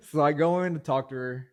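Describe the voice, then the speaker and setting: Laughing young man telling stories. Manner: laughing storyteller, voice jumps high when excited. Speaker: podcast co-host. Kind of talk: casual chat.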